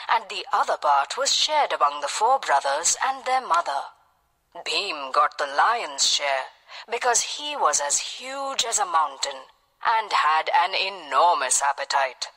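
A woman narrating a children's storybook tale in a lively storytelling manner. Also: on the low side. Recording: long hall reverb.

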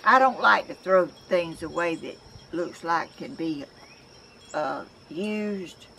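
With a lowish, gravelly voice that comes across bright and forceful, an older woman from Georgia chats to camera about crafts from outside her home. Her Southern-accented talk is rambling and homey, full of restarted sentences, and there's slight background noise.

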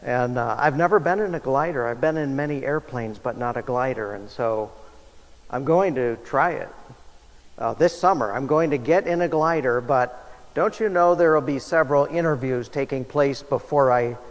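A man's voice: mid-range voice, normal speed. A man preaching a sermon in a church, conversational and self-deprecating with light humor. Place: church sanctuary. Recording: long church reverb.

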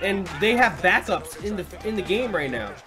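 A young man commentating his football video game play, excitable and frequently swearing and yelling at the players. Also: sits high, moderate pace, faint music behind. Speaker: gaming commentator.

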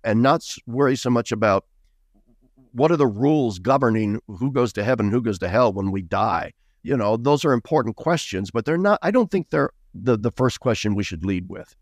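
A man's voice: mid-range voice, animated, normal speed, no room sound, clean studio sound. A man speaking as an author guest in a podcast interview, earnest and emphatic, repeating key words for stress.

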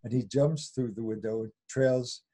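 An older man with a mellow, slightly husky voice tells a folk tale as an interview guest. He chuckles often and briefly acts out the characters' lines as he goes. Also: mid-range voice, steady tone, normal speed. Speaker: fairy tale scholar guest. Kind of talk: animated storytelling in interview.

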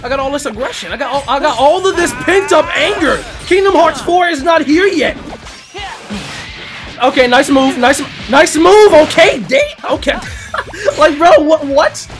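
A man giving excited, slang-heavy commentary on a fighting game as he plays, often shouting and laughing. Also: very high-pitched. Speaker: gaming YouTuber. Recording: loud game music behind the voice.

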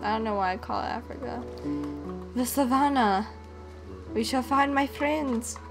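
Young female gaming host, relaxed unhurried delivery, bubbly and prone to humming. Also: a little high, vocal fry, music in the background. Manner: playful, sings and hums to herself. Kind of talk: casual gameplay commentary.

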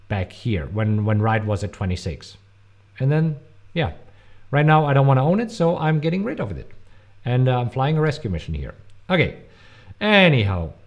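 A man with a German accent, hosting a live-stream Q&A. He answers viewers' questions with emphatic warnings and many fillers. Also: mid-range voice. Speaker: host.

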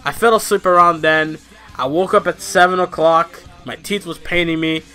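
A man's voice: fairly high pitch, normal speed, smooth, faint music behind. A man giving a casual wrestling review, rambling and swearing and ranting with energy. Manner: rambling, profane, animated ranting.

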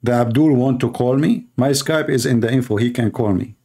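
A man's voice: medium pitch, a little fast, mellow. A man hosting a live stream, mocking and sarcastic, in broken English. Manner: sarcastic, mocking, non-native English grammar. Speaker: debate stream host.

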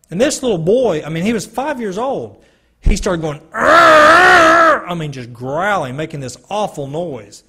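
A man's voice: on the high side, breathy edge. A man giving an earnest personal testimony to a gathering, telling a story with quoted dialogue. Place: church hall or meeting room. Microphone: handheld or stand mic, sometimes stepping away.

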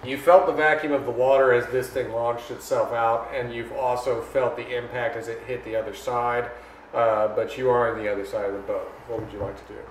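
Man, game master, tabletop narration, vivid, middle pitch, echoey room. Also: steady tone, fairly quick. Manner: vivid descriptive narration with fillers. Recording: echoey room, faint noise.

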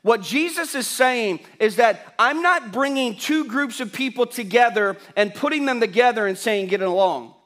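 A man with a notably high-pitched voice preaches to his congregation through a stage microphone. He is emphatic, repeats his key phrases and puts questions to the listeners. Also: lively intonation, normal speed, hardly any pauses, a bit bright. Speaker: pastor. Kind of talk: sermon. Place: church sanctuary.

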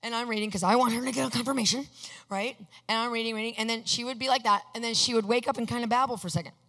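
A woman with a slightly high voice preaches a testimony sermon, animated and storytelling. She acts out each exchange of dialogue and breaks into excited shouts. Her voice rings with a long reverb in a large hall. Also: rapid-fire.

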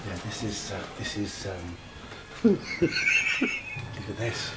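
Slow-talking cheeky man. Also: lowish voice, very animated, heavy background noise. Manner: cheeky, sweary, giggly. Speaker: friend on the vlog. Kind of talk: casual chat.

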